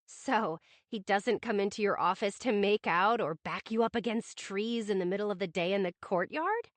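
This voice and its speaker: A woman's voice: medium pitch, expressive, normal speed, dry recording, close to an everyday voice. A woman reading the part of a nosy young female friend who teases and gossips over the phone. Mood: teasing. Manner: nosy, playful, sarcastic.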